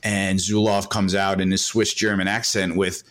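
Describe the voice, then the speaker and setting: A man's voice: deep voice, level tone, normal speed, fairly bright tone. A man, a guest macro analyst, talking in a casual podcast conversation, rambling and emphatic with lots of fillers.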